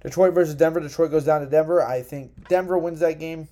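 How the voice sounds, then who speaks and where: Young male podcast host, mellow tone, rambling and profane, self-correcting, uneven home recording. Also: a little high, steady tone, fairly quick. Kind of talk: casual solo sports podcast.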